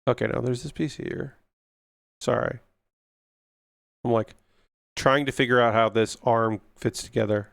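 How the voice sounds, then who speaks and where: A man's voice: medium pitch, steady tone, measured pace, creaky, long pauses, no room sound, clean studio sound. A young man chatting casually on a livestream while building a model kit, ranting with frequent swearing and filler words. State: yawning.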